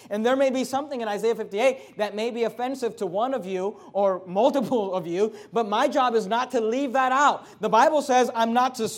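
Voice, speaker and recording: Man, pastor, sermon, high voice, swings between loud emphasis and quiet asides.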